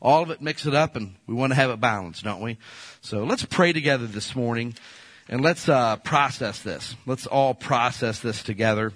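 Animated husky-voiced male pastor preaching. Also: mid-range voice, normal speed, no room sound. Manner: animated, folksy, jumps into playful quoted voices. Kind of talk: sermon.

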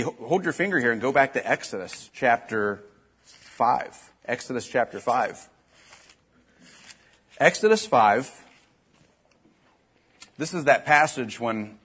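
A man's voice: medium pitch, fairly bright tone, husky. A man preaching a conversational sermon, swinging from easy talk to emphatic bursts. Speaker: pastor.

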